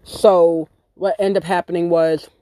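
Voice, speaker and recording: A woman hosting a podcast, telling a story in a blunt, profane, animated way with acted-out quotes. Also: on the low side, a little slow, dry recording. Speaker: podcast host. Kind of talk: casual storytelling monologue.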